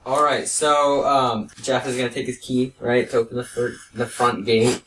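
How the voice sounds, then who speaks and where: A man's voice: medium pitch, flat delivery, normal speed, a bit bright, distant mic, a little hiss or hum, low-quality recording. A man playing a tabletop game chats casually and jokes with the others. His voice sits mid-range. He sounds set back from the mic. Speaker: player.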